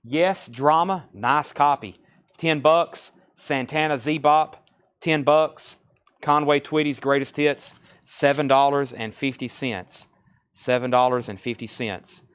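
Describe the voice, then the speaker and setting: A man from Tennessee with a Southern accent, hosting a live record sale and briskly calling out titles, prices and buyers. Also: mid-range voice, steady tone, a bit bright, smooth. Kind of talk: live-stream sales patter.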